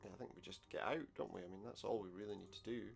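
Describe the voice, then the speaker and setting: Gravelly low-voiced man playing a game. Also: rapid-fire. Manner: wry, sarcastic asides. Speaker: let's play gamer. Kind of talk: casual game commentary, reading game dialogue aloud.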